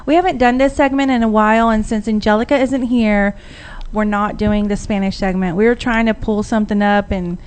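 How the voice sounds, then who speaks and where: A woman's voice: medium pitch, a little fast, clear, resonant tone. A woman, hosting a casual radio talk show and telling stories with acted-out quotes. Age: 40s. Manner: animated storyteller who acts out quoted voices. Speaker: radio host.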